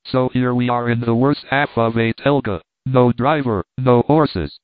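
Brief: narrator voicing a light-hearted French journalist, teasing; dry, lo-fi sound. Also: male voice, mid-range voice, measured pace, no room sound, lightly acted. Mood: jovial. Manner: cheerful, teasing. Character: merry joking French reporter, man. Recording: tinny phone-like dry sound.

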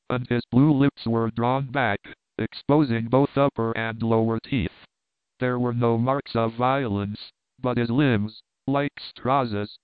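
A man giving a scripted, even narration of a mystery novel as an audiobook. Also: mid-range voice, clear, resonant tone, no room sound. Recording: dry, tinny narrow-band audio.

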